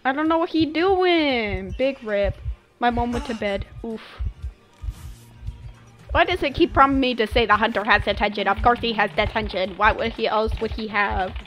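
A young woman streamer reacting dramatically to a game as she plays, scolding her teammates and shouting out. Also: on the high side, moderate pace, faint music behind. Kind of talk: live game commentary.

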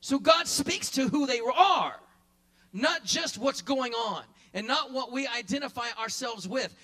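A male pastor preaching a sermon in church, repeating his phrases and building to shouts, then dropping into quick quiet asides. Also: very high voice, animated. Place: church sanctuary.

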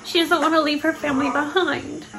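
A young American woman watching a film for the first time and reacting out loud, giggly and emotional. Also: high-pitched, level tone, brisk, music in the background. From United States. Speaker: reaction vlogger. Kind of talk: casual reaction commentary. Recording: film soundtrack playing behind.

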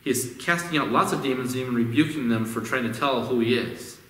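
A man's voice: medium pitch, fairly quick, fairly bright tone, a little hiss or hum. A male pastor preaching a conversational sermon, often repeating words as he restarts his phrases. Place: church sanctuary. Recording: echoey hall, distant mic.

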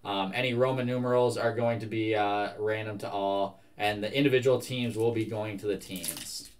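A young man hosting a live card break, reading out one card after another in a brisk, casual way. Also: lowish voice, fairly even intonation.

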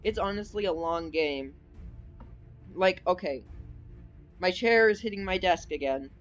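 Young male gaming creator, high-pitched, excitable let's play commentary, faint game music behind. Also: a little slow, muffled recording. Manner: excitable, yelps and cheers at game events, rambling asides. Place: at a desk at home.

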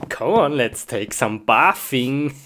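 A woman performing a comic skit, with loud startled exclamations, laughter and simple broken English phrasing. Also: rumbling low. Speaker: comedy sketch performer.

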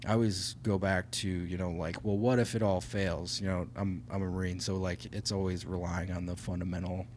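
A man's voice: deep voice, little pitch movement, fairly quick, a little mellow, a little hiss or hum. A man co-hosting a podcast, talking in an earnest, reflective way and thinking aloud. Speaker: podcast co-host. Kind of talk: casual podcast conversation.

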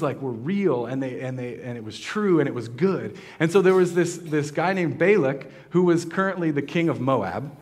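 Man preaching casually, fairly high voice. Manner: casual, conversational preaching with many fillers and restarts; asks the congregation questions. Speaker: pastor. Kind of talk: sermon.

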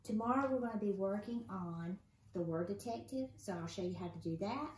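A woman teaching a first grade phonics lesson, sounding out letters slowly and asking encouraging questions. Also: mid-range voice. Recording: roomy echo, faint room noise.

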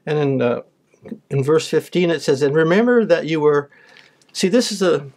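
Higher-voiced man preaching from scripture. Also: moderate pace, darkish tone. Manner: reads verses aloud then explains them plainly, with some restarts. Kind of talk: sermon with scripture reading.

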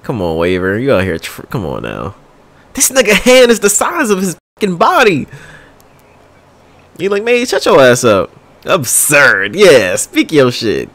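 A young man hosting an anime reaction, reacting in excitable, slangy banter and laughing often. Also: on the high side, measured pace. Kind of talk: casual reaction commentary.

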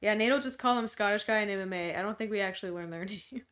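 A woman with an ordinary mid-range voice talks casually on a book club podcast. She trades quick, joking comments about the story and the film with her co-host. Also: mid-range voice, a bit bright. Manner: chatty, joking, laughs between remarks.

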